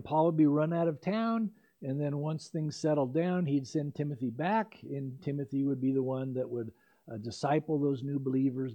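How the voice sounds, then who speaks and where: A man's voice: mid-range voice, warm tone. An older man preaching an expository sermon as pastor, in a conversational way with asides and self-corrections. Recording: dull lo-fi recording.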